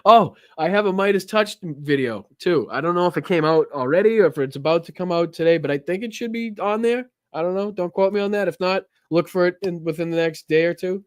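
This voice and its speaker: A man's voice: high voice, a little fast, hardly any pauses, no echo, clean studio sound. A man with a Boston accent hosting a live politics stream, chatting casually, swearing and laughing often as he rambles. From Massachusetts, USA.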